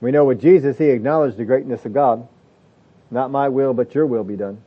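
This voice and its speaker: A man's voice: mid-range voice, fairly quick, breathy edge, muffled recording. A man preaching a sermon in a conversational way, building to emphatic lists.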